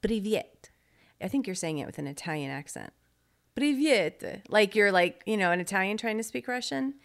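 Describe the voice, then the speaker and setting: A middle-aged woman co-hosts a casual faith podcast, teasing and laughing easily as she chats. Her voice is mid-range with vocal fry and moves a little fast.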